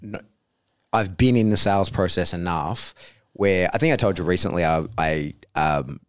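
Low-voiced halting man, dry sound. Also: clear, resonant tone, dry recording. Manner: halting, restarts often, agreeable. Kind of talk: casual chat.

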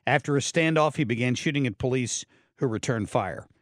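A man's voice: mid-range voice, fairly quick, no room sound. A man hosts an opinionated talk radio show from a dry, close studio mic. He sounds blunt and sardonic and stumbles through fillers and restarts as he comments on the news. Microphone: studio microphone.

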